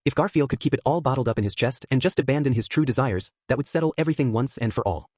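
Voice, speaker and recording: A man narrating an audiobook with a steady storytelling read. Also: medium pitch, rapid-fire, breathy edge, dry recording, clean studio sound. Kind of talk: scripted narration.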